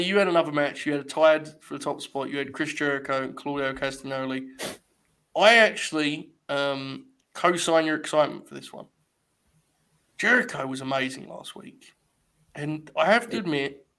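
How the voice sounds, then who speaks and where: A man's voice: fairly high pitch, normal speed, long pauses, fairly bright tone. A man hosting a casual wrestling chat show, teasing his co-hosts and swearing casually. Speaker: podcast host.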